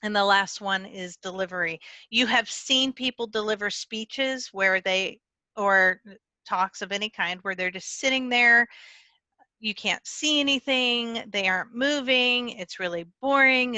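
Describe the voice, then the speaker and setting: Woman giving a writing talk, bright voice, dry close sound, corrects herself now and then. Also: mid-range voice, a little slow, no echo. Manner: explanatory, with small slips and self-corrections; talks with her hands. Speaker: conference speaker teaching writing. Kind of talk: conference talk.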